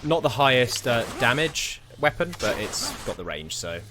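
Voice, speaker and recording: A man's voice: medium pitch, very animated, normal speed, noisy background. A man streaming a video game, explaining the game in a dry, jokey casual commentary.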